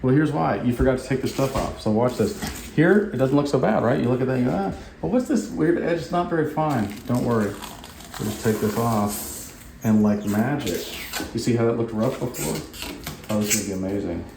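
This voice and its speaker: A man vlogging his house renovation in a playful, mock-excited way, then turning to earnest preaching. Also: medium pitch, fairly quick, vocal fry, a little hiss or hum. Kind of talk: casual talk to camera with preaching. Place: unfinished house interior. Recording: echoey empty house.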